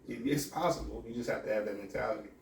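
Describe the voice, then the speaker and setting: A man's voice: fairly low pitch, quick pace, creaky, a little hiss or hum. Man, sheriff's deputy, candid and reflective, frequent restarts, roomy echo, a little distant from the mic. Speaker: sheriff's deputy and police academy instructor. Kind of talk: earnest podcast interview.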